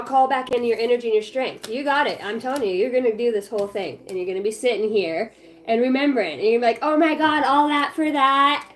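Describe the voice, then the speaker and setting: A woman's voice: mid-range voice, darkish tone. A woman giving a casual, blunt, encouraging tarot reading at home, swearing freely. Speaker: tarot reader. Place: home with her small child nearby.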